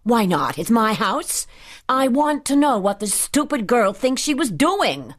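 A woman voicing an angry, sharp-tongued lady of the house who scolds shrilly, as an audiobook narrator. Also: medium pitch, animated, measured pace, breathy edge. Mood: furious.

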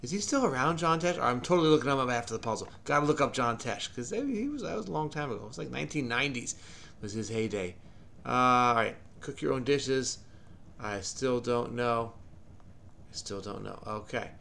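A man's voice: medium pitch, a little fast, creaky, pushed and bright, a little hiss or hum. A man hosting a crossword-solving channel, thinking aloud in a frenetic, rambling way with lots of mumbled asides. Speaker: crossword solver, channel host.

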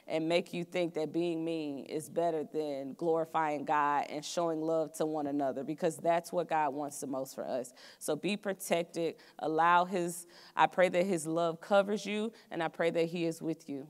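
A young woman gives an earnest student sermon with a lower voice and an easy, conversational telling of her own stories. The sound carries the long reverb of a college chapel. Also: steady tone, moderate pace, hardly any pauses, smooth. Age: young adult. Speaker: student preacher.

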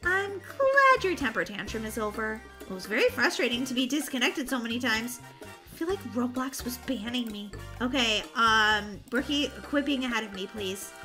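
A woman chatting casually over gameplay, bubbly, excitable and easily exasperated. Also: on the high side, normal speed, over music. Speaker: gaming channel host.

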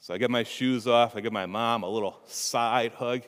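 A male priest preaching in a church, his mid-pitched voice ringing with a long reverb off the walls. He spins a funny family anecdote and keeps turning to the congregation with asides. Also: steady tone, normal speed, a bit bright. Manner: humorous personal storytelling with asides to the congregation. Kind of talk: homily.

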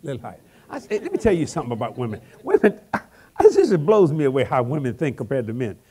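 Folksy older preacher with a higher voice. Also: male voice, fast talker, husky. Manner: folksy, animated, repeats words while telling stories. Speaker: evangelist preacher. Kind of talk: humorous storytelling sermon.

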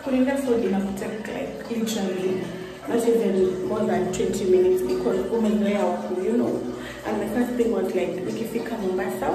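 A young Kenyan woman vlogging a room tour on her phone, complaining dramatically and switching between English and Swahili. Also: mid-range voice. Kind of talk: casual vlog room tour. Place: small rental room and bathroom, indoors. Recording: very echoey small tiled room.

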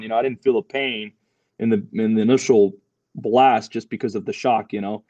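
Man, fast storyteller, mellow voice, dull dry audio. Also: medium pitch, fairly even intonation, no room sound. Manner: fast, loose storytelling with lots of fillers and swearing. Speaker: guest, Marine veteran. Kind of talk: casual storytelling interview.

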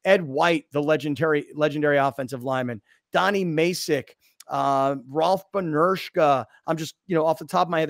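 An excitable male sports radio host spins a story with lots of energy. His voice sits fairly high, and the sound is dry and close. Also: dry recording. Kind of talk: casual sports talk storytelling.

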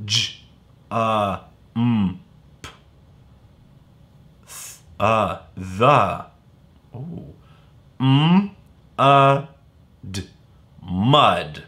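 A man's voice: fairly low pitch, lively intonation, extremely slow, long pauses, bright, forceful tone. A man teaching young children phonics in a playful way, sounding out words letter by letter. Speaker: kindergarten teacher.

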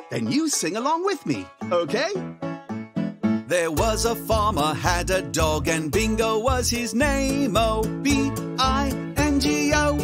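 A cheerful frog song leader sings with children in a cartoon. Her voice sits high and moves in a lively way, and she takes it slow. Clear children's music plays under her. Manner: upbeat, sings and coaxes children. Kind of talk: kids sing-along hosting.

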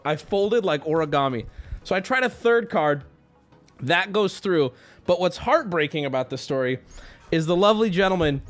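In a high-pitched voice, a male streamer spins a story for his chat, staying casual and lively as he laughs, swears and performs voices.

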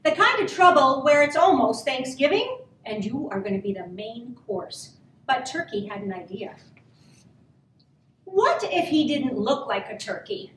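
A woman gently and expressively reading a picture book aloud to children. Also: high-pitched, big pitch swings, measured pace, a little hiss or hum. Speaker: children's story reader. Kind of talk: storybook read-aloud for children. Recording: roomy, from a distance.

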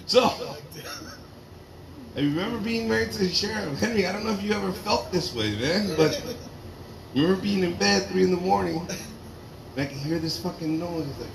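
A man doing a loud, profane stand-up comedy set, telling animated stories to a live audience in a garage. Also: sits high, normal speed, creaky, pauses often. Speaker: stand-up comic. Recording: roomy garage with crowd laughter.

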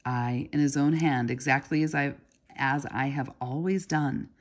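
A woman's voice: a bass voice, unhurried. A woman reading aloud voices a sullen young male goldsmith apprentice who speaks curtly and resentfully. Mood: impatient. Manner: curt and resentful.

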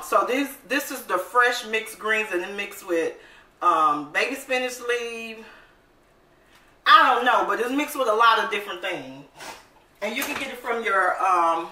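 Chatty high bright-voiced woman in an echoey kitchen. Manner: chatty and upbeat, calls viewers "baby"; excited, admits talking fast. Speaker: cooking channel host. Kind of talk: casual cooking vlog chat. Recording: roomy echo, mic at a distance, faint noise.

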